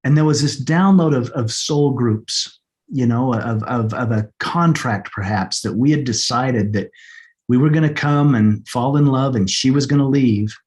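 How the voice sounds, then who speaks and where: A man's voice: medium pitch, unhurried, a little mellow. A man, an interview guest, tells a personal story in an earnest, heartfelt way, often repeating words as he restarts his sentences.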